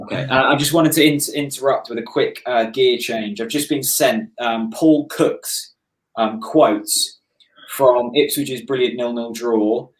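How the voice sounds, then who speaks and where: Man co-hosting a stream, mid-pitched, chatty, rambling, a bit worn out. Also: fairly even intonation, unhurried, rough recording. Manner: rambling, chatty, self-interrupting. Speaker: livestream co-host. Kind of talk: casual livestream chat.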